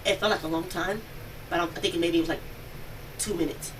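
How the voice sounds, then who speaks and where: A woman tells police what happened in a rapid, breathless rush, her words tumbling out at high speed. She is heard from a distance through a bodycam, with steady noise underneath. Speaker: witness. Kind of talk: recounting events to police. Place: home, near the kitchen.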